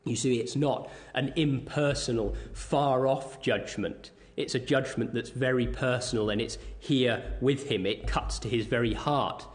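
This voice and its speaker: Man, preacher, sermon, slow deliberate pace, medium pitch, steady measured delivery. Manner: measured, deliberate delivery, reading scripture aloud.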